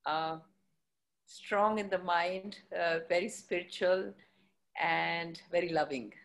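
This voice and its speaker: A middle-aged woman in fitness, answering interview questions thoughtfully with many pauses and fillers. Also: on the low side. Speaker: fitness professional guest.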